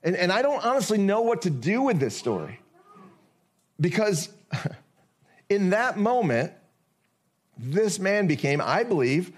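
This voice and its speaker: Higher-voiced man preaching a sermon. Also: a little mellow. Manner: conversational, with frequent rhetorical questions; reads scripture slowly and deliberately. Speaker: pastor.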